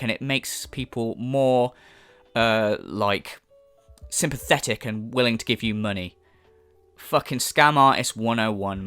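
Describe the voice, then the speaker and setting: Brief: a man ranting on his vlog, exasperated and profane, dry close sound, soft music underneath. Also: medium pitch, no echo. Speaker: commentary channel host.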